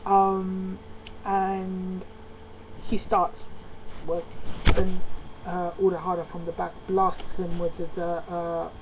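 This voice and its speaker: A man giving a casual spoken review. He talks excitedly and often stops on "uh" and "um" mid-sentence. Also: high-pitched. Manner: excitable, halting with many fillers. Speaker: manga reviewer. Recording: lo-fi with steady background noise.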